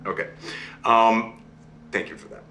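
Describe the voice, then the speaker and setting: A man telling a fairy tale live in a lively, dramatic way, often checking in with listeners. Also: a little slow, echoey room, faint music behind. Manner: lively, dramatic swings in pitch, asks listeners "right?". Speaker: storyteller.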